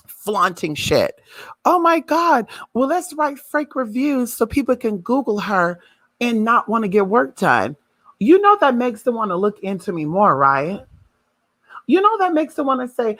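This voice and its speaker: A woman's voice: a little high, sing-song, moderate pace, fairly bright tone, no echo, studio quality. A woman ranting casually on a livestream, sassy and taunting, often drawing words out in a sing-song tease. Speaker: spiritual reader vlogger.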